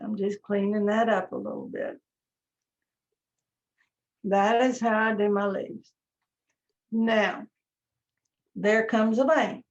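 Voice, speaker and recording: A woman teaching a live painting class, talking gently step by step as she works. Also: mid-range voice, steady tone. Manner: slow, gentle step-by-step instruction. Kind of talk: live online painting lesson. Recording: dull lo-fi stream audio.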